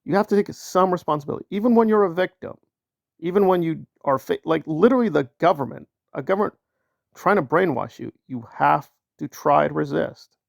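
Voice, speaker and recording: Man, solo commentary host, emphatic, repetitive, mocking impressions, gravelly voice, dry close sound. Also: expressive, fairly quick, dry recording. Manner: mocking put-on quotes in raised pitch.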